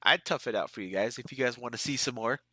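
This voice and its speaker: A man's voice: medium pitch, fast talker, pushed and bright, no room sound. A man with a stuffy, sick-sounding nose chatting casually with his viewers while streaming a game, laid-back and laughing often. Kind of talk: casual live-stream chat.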